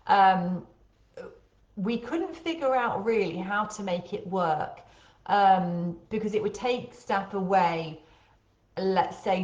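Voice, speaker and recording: Brief: lower-pitched woman host, faint Birmingham accent, chatty live webinar, echoey room. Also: darkish tone, highs cut off. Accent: light Birmingham. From Birmingham, England. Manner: chatty, many ums.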